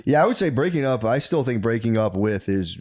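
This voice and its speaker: A man rambling through high school memories in a casual podcast chat, with lots of fillers. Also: expressive, brisk, darkish tone, dry recording, studio quality. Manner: rambling, filler-heavy reminiscing. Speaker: podcast co-host or guest.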